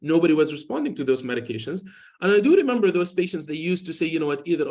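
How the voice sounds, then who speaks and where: A man's voice: on the high side, sing-song, quick pace, a little mellow. A man in his forties, a dermatologist, giving a conversational medical lecture in a loose, rambling way full of "you know" and restarts, telling patient stories. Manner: tells patient stories informally.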